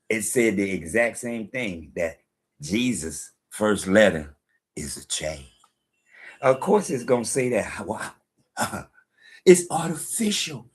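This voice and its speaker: In a laid-back video, the host talks back to a phone app as he quizzes it, his questions skeptical and rhetorical. He has a lowish voice with a breathy edge.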